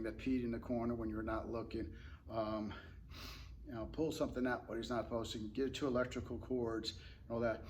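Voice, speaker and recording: A man who trains dogs, talking in a relaxed, rambling way and explaining tips casually with fillers and restarts. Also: mid-range voice, slight background noise. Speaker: dog trainer. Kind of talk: casual instructional talk.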